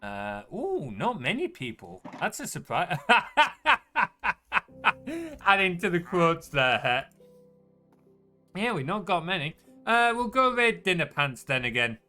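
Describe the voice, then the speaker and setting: A man's voice: a little high, very animated, a little slow, pushed and bright, faint music behind. A man hosting a live game stream, chatting casually, laughing often and greeting viewers. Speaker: streamer host.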